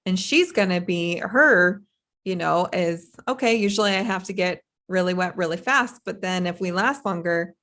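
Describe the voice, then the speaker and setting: A woman hosting a casual podcast interview, chatty and quick to agree with her guest. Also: on the low side, fairly bright tone. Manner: chatty, agreeable, jumps in with support. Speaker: podcast host.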